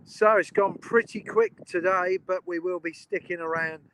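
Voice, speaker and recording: A man's voice: sits high, fairly even intonation, normal speed, a bit bright, a little hiss or hum, poor audio. A man streaming live from beside a railway line outdoors, chatting enthusiastically with his viewers. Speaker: train spotting live streamer. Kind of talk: casual live-stream commentary.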